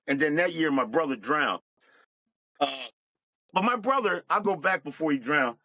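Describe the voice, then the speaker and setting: Bright-voiced man telling his life story. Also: on the high side, animated, no echo, low-quality recording. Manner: plain, reflective, unhurried. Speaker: guest. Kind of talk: personal storytelling.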